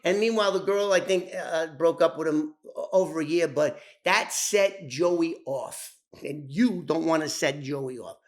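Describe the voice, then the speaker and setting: A man tells his tale in a voice pitched a touch high. He talks loosely and profanely, wandering into asides and stumbling into restarts before picking the thread back up. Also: a little slow. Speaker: former informant telling his story. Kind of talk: casual storytelling.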